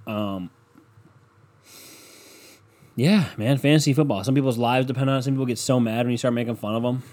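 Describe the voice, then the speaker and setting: A man's voice: medium pitch, fairly quick, darkish tone. A young man hosting a casual solo podcast, ranting with lots of swearing, mocking people and laughing at his own jokes. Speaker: podcast host.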